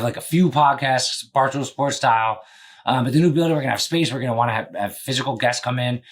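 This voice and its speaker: Husky-voiced young man joking on a podcast. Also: mid-range voice. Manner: rambling, joking, swears freely. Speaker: podcast host and business owner. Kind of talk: casual podcast chat.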